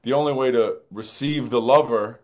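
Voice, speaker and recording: A man's voice: mid-range voice, normal speed. A man, a film director as guest, talks in a reflective interview, earnest and musing, often repeating phrases.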